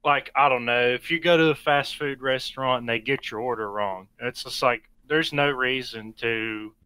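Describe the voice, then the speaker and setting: Bright-voiced man chatting easily. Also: medium pitch, moderate pace, smooth, poor audio. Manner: relaxed, many likes and you knows. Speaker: podcast guest. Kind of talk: casual chat.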